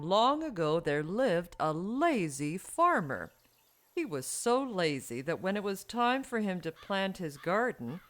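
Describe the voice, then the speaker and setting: A woman storyteller narrating a folk tale for children in an expressive, sing-song way. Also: mid-range voice. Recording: music bed behind.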